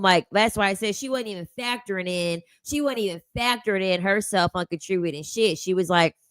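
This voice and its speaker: A woman talks through a casual commentary chat with a blunt, sassy edge. She repeats her points for emphasis and keeps the talk animated. Her voice sits at an ordinary middle pitch, and the sound is dry and close. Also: brisk, few pauses, no room sound. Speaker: commentary host reading chat.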